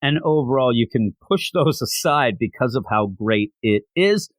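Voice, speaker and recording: A man's voice: medium pitch, expressive, moderate pace, no echo. A man hosting a podcast, recapping a comic book in an enthusiastic, rambling way. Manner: enthusiastic, rambling, with many fillers. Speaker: podcast host.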